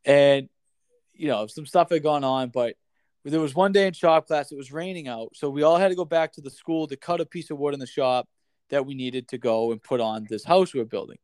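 A man's voice: fairly high pitch, fairly quick, no room sound. A man with a voice a little above the usual range tells a long story in loose, casual chat. He swears freely and keeps dropping "like" and "dude" as he goes. The sound is close and dry, with no room around it. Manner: animated, swears freely, heavy use of "like" and "dude".

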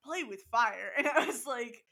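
An animated young woman in casual conversation, with a slightly high, bright voice. She talks in quick, enthusiastic bursts and laughs freely. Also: vocal fry. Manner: animated, reacts with laughs and exclamations. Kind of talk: casual chat.

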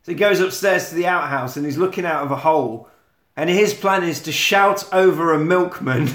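A man with a high voice tells a film plot in a loose, profane way, jumping into the characters' lines as he goes. He sounds like he is in an echoey room. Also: moderate pace. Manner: swearing, animated storytelling, acting out quotes. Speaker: podcast co-host. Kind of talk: casual film recap chat.

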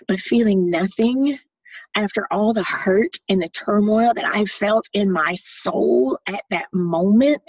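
Woman, middle-aged, candid personal testimony, husky voice, dry dull sound. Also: mid-range voice, a little mellow, no echo. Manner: candid, plain-spoken. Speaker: storyteller.

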